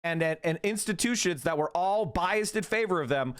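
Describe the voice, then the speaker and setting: A man's voice: high voice, animated, normal speed, clear, resonant tone. A man hosting a casual livestream, reacting to clips with profane, heated, mocking rants. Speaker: streamer host.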